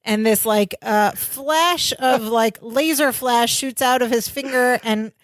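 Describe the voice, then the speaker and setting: A woman's voice: on the high side, slow pace, dry recording. A woman co-hosting a podcast, narrating scene details in casual chat and laughing often. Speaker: podcast co-host.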